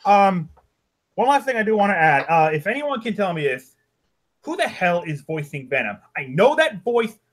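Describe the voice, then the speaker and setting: High-voiced man hosting a casual chat. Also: big pitch swings. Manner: halting, lots of ums and restarts, curses casually. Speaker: podcast host.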